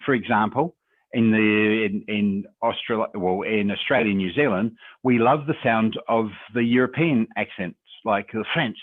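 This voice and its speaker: A man's voice: lowish voice, moderate pace, dry recording. A man answers questions as a guest on a video call, his tone conversational and encouraging. The audio is narrow and tinny, like a phone line, and completely dry with no room around it. He reflects aloud and tags his points with rhetorical questions. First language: English. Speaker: guest speaker on public speaking. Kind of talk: webinar Q&A advice.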